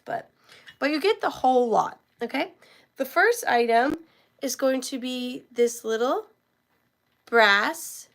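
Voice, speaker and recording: With a high-sitting voice and vocal fry, this woman runs a home live-stream auction despite a throat worn sore from talking. Chatty and friendly, she calls viewers by name while presenting every item for sale.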